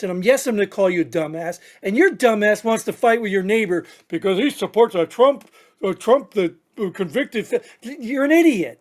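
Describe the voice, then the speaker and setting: A veteran podcast co-host on an angry tear, blunt and insulting toward listeners. The voice keeps hammering points with rhetorical questions and repetition, in an opinionated political rant. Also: mid-range voice.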